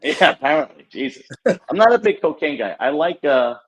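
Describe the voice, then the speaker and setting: A man's voice: fairly high pitch, very animated, normal speed, highs cut off. A man hosting a podcast in casual chat, stammering and restarting his sentences. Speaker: podcast host.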